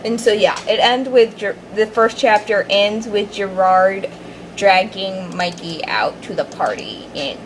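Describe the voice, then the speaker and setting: A woman's voice: medium pitch, noisy background. Hyper, rambling young woman reviewer. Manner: bubbly, rambling, fangirling, lots of fillers and restarts. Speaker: fanfiction reviewer. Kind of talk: casual video review.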